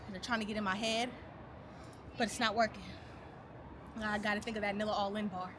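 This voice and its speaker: A woman's voice: medium pitch, fairly even intonation, brisk, noisy background. A woman vlogging a stadium tour, chatting casually, laughing and doing playful trash talk. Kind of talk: casual playful vlog chat. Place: in a large open stadium. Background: music playing.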